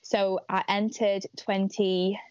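A woman's voice: medium pitch, level tone, takes it slowly, darkish tone, clean tone, no echo. A teenage woman, chatting casually as an interview guest, giggly and full of "like". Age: late teens. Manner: chatty, giggly, fillers like "like" and "literally". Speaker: pageant titleholder guest. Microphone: video call. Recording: dry, dull lo-fi video call.

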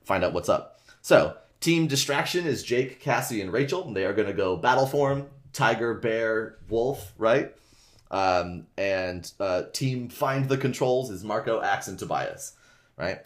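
A man's voice: lowish voice, lively intonation, unhurried, roomy sound. A man co-hosting a podcast, casually retelling a book with lots of "like" and "uh", swearing and laughing along the way. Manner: loose and rambling, full of "like" and "uh", reading passages aloud. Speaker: podcast co-host recapping a book. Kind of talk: casual chat, retelling a story.

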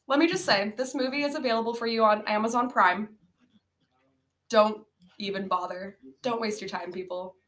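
Podcast co-host, woman, bright and slightly high voice, giggly, animated storyteller. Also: moderate pace, pauses often. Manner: laughs often, animated retelling. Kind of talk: casual movie-roast chat. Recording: low-quality amateur audio.

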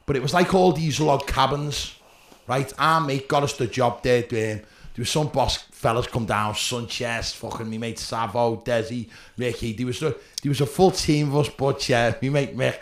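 A man with a Scouse accent telling rowdy stories in casual chat, swearing and laughing loudly. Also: mid-range voice, steady tone, moderate pace, roomy sound. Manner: swearing, storytelling, loud laughs. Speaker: podcast guest.

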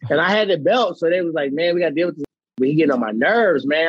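A man's voice: a little high, quick pace, breathy edge, no room sound, muffled recording. A man in his thirties, a guest on a casual chat show, telling stories with acted-out quotes and frequent laughs. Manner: animated storyteller, acts out quotes, laughs often. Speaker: guest, pro fighter.

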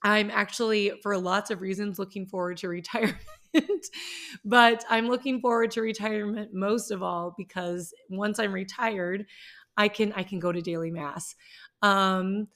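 A woman's voice: medium pitch, steady tone, normal speed, fairly bright tone. A woman who teaches middle school, talking about her faith in a personal vlog, earnest and heartfelt, often restarting her sentences.

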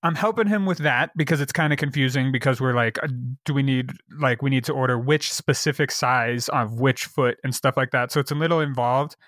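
A man co-hosting a podcast, telling a work story in casual chat, animated and swearing, acting out the people he quotes. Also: medium pitch, brisk, few pauses, no echo, clean studio sound. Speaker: podcast co-host.

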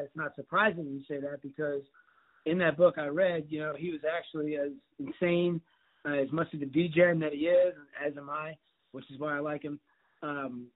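Laid-back podcast host man on a tinny line. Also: fairly high pitch. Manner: laid-back, laughs along, slangy. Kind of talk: casual chat. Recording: phone-like lo-fi audio.

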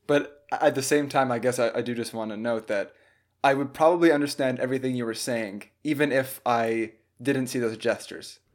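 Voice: medium pitch, fairly quick. A podcast host who sums up the guest's points and asks curious follow-up questions, now and then with a playful joke. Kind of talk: casual podcast interview.

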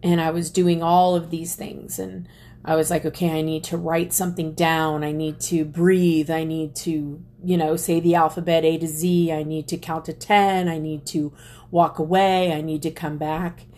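A woman speaking to an audience, telling a personal story slowly and deliberately, with pauses and restarts. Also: sits low, flat delivery, a little mellow. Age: adult parent. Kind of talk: reflective personal talk to an audience.

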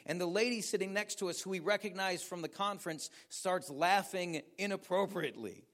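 An American pastor with a notably high voice preaches to his congregation. He tells stories with energy and keeps turning to the audience with questions. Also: a little fast, few pauses. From United States. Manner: animated storytelling, asks the audience questions. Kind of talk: sermon.

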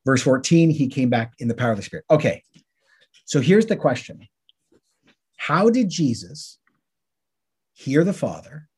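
Guy chatting thru bible verses on a podcast, kinda husky, warm low tone, acts out what people would ask. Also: a little slow, long pauses. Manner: lively, acts out listeners' questions in quotes. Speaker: podcast co-host teaching on the Bible. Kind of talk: casual Bible teaching chat.

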